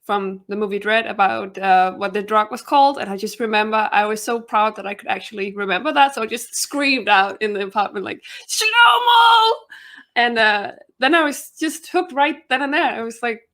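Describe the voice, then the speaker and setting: A woman's voice: medium pitch, a little fast, few pauses, fairly bright tone. A young woman from Denmark with a Danish accent, a guest giving a chatty self-introduction with frequent laughter.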